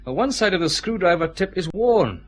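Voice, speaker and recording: An actor with a Scottish accent playing a methodical, confident detective chief inspector pressing suspects in a radio drama. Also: male voice, high voice, sing-song, normal speed, husky, full character voice.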